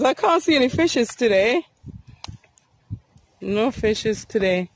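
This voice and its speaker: A woman's voice: fairly high pitch, big pitch swings, slow, a little hiss or hum. A woman vlogging outdoors by a river while walking her dog, talking to it in a coaxing, sing-song way. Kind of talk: casual outdoor vlog chat.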